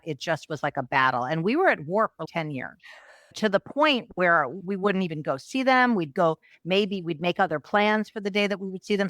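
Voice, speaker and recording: A middle-aged woman, a coach, telling a personal story in a podcast interview, animated and acting out quotes. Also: dry recording, clean studio sound. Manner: animated, acts out quotes with raised pitch. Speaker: guest, transformational coach.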